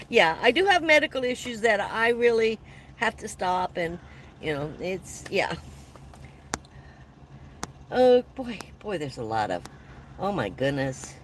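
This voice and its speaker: Poor audio with slight background noise captures a mid-range female voice. She's a livestream host in her seventies, chatting casually from her van as she reads viewers' comments, laughing often and thanking them warmly.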